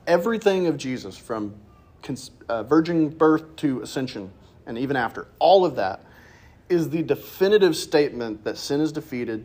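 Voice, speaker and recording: Lively man teaching a church Bible class. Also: breathy edge. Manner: animated, joking, jumps high when stressing a point.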